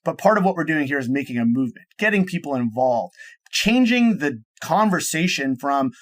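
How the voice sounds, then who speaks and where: Here the podcast guest, a man who cofounded a startup, talks in a fairly high, sing-song voice at a brisk clip. His casual explanations run on eagerly, with frequent restarts and ideas strung along by "and so."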